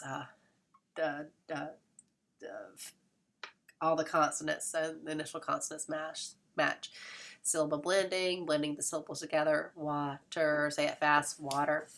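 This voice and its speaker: A woman with a congested voice delivers a recorded lecture on teaching children. Her voice sits low, and she works through each step patiently, with fillers and quick self-corrections. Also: bright, forceful tone. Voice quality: occasional throat clearing. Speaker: instructor.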